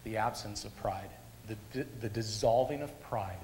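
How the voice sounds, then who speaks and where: A man preaching a sermon at a church service, a lively storyteller who repeats phrases for emphasis. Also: fairly low pitch, moderate pace, slight background noise. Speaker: pastor.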